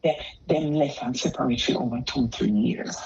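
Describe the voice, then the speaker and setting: Middle-aged woman caller, animated storyteller who slips into near-whispers; muffled lo-fi line. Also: a bass voice, normal speed, vocal fry. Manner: animated, quotes dialogue, drops to near-whisper at times. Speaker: caller telling her story. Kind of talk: casual storytelling. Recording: dull lo-fi sound with faint noise.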